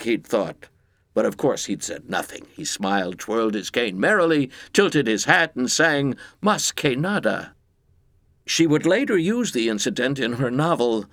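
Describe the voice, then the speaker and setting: A man reading a comic story aloud in scripted narration with a deadpan, expressive delivery. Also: medium pitch, no echo, studio quality.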